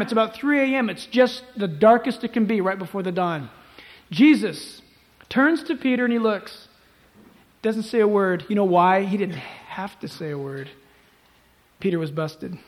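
Man, high pitched voice, pastor, sermon, emphatic, loud then hushed. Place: church service before a congregation.

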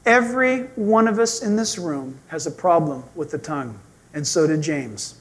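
A male pastor preaching a sermon in a church sanctuary, telling stories in an animated, humorous way. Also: on the high side, normal speed.

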